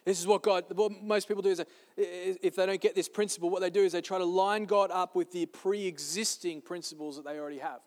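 A man's voice: high voice, steady tone, fairly quick, few pauses. A man preaching a sermon to a church service, emphatic and repeating his key phrases. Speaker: pastor. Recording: long reverb of a large hall.

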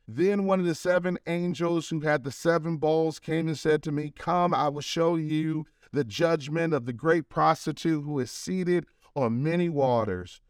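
A middle-aged pastor preaching a sermon, building emphasis and slowing to drawn-out calls to worship. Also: male voice, a little high, clear, resonant tone, no room sound, studio quality.

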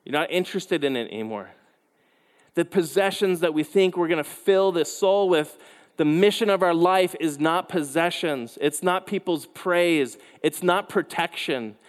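A man preaching a youth sermon, telling stories with lively, quick asides. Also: sits high. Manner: animated storytelling with quick asides. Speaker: youth pastor. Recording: hall reverb.

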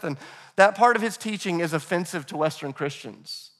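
Higher-voiced man preaching conversationally. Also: normal speed, fairly bright tone. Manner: conversational preaching, calls the congregation "guys"; acts out quoted voices of scripture figures. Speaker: pastor. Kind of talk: sermon. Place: church in Nashville.

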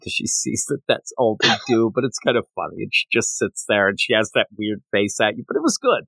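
Male podcast co-host, animated, breaks into character voices. Bright tone, dead-dry sound. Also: medium pitch, gravelly, no echo. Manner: animated, quotes characters in quick put-on voices. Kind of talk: casual manga discussion.

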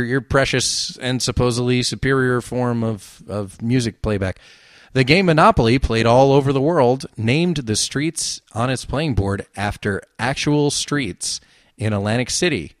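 A man's voice: mid-range voice, dry recording, studio quality. Wry, sarcastic man hosting a solo show. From New Jersey. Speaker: podcast host. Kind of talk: casual solo commentary.

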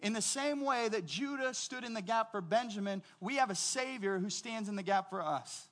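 Male pastor, middle-aged, higher-pitched voice, casual conversational preaching, tells stories. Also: moderate pace, fairly bright tone. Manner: conversational, storytelling with quoted voices. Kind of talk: sermon.

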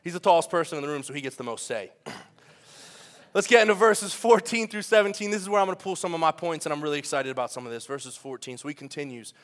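A young adult man preaching a sermon in a church, animated and joking, firing questions at the congregation. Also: fairly high pitch, fast. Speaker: pastor. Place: church sanctuary.

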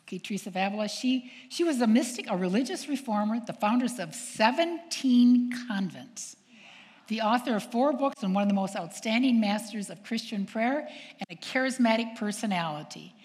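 An older woman, a nun, telling stories to an audience in a lively way, acting out quoted voices and asking her listeners questions. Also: fairly high pitch, moderate pace. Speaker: nun and speaker. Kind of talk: storytelling talk to an audience. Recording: long hall reverb.

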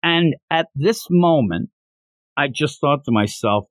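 A man hosting a podcast, recapping a manga chapter in an animated, enthusiastic way. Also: medium pitch, measured pace, no room sound. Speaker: podcast host.

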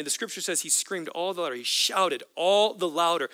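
Bright-voiced impassioned male preacher. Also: sits high, fairly quick, few pauses, dry recording, clean studio sound. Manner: impassioned, repetitive preaching cadence. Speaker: pastor. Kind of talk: sermon.

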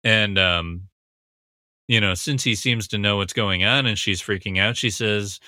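A man talks through a TV scene in a casual, analytical way, recapping dialogue and pausing often on fillers. His fairly low voice has a very bright, sharp edge. The sound is close and dry with no room echo. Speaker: commentator breaking down a TV scene.

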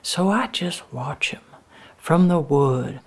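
Low gravelly woman telling a story. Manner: rural dialect, halting restarts, folksy. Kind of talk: first-person storytelling monologue.

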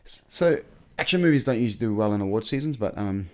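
A man with a very deep, low voice chats casually on a podcast, rambling enthusiastically in an animated, fast way. He piles up fillers and keeps restarting his sentences.

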